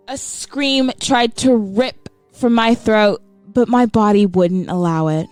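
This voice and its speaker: A woman giving a slow, emotional and dramatic reading of a scripted horror story. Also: a little high, darkish tone, no echo, soft background music. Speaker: narrator.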